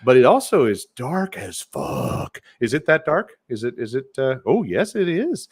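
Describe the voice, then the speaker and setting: A man's voice: medium pitch, wildly swooping pitch, measured pace, breathy edge, dry recording, studio quality. A man co-hosting a podcast, chatting casually and playfully about beers, swearing freely. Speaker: podcast co-host. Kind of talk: casual chat, beer review.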